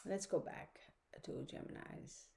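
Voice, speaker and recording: A woman's voice: measured pace, darkish tone. A woman reading a casual weekly astrology forecast from home, chatty and rambling, with many fillers and side remarks. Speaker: astrology reader. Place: home room with her dog. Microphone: computer microphone.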